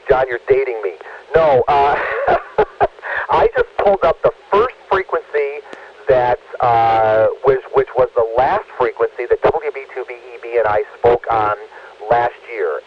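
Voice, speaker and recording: A man's voice: medium pitch, animated, measured pace, muffled recording, noisy background. A man running an amateur radio net as net control, chatting in a friendly, rambling way with many fillers.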